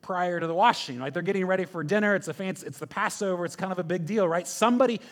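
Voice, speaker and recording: A man's voice: sits high, fast. A man preaching a sermon in a conversational, emphatic way, often checking in with the listeners. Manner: conversational, emphatic, frequent "right?" asides. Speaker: pastor.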